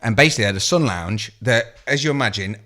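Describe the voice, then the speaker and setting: Animated guy telling stories. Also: lowish voice, quick pace. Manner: animated, swears a lot, acts out voices in his stories. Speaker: podcast co-host. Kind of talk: casual chat, storytelling.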